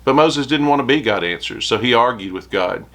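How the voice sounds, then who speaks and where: A man's voice: mid-range voice, animated, brisk, a bit bright. A man preaching a short devotional sermon, reading scripture aloud with rising emphasis.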